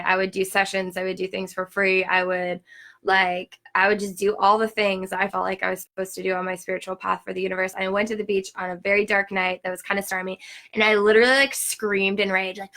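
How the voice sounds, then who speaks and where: Brief: young woman host, bright clear tone, chatty and animated, filler-heavy live-stream storytelling. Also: mid-range voice, moderate pace. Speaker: spiritual teacher hosting a workshop. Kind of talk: casual storytelling talk. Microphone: live stream, reads viewer comments.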